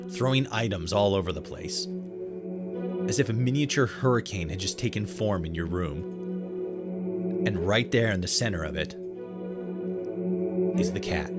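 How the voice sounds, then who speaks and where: A man streaming a game playthrough, reading the story text aloud and breaking off for crude joking asides. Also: lowish voice. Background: faint game music.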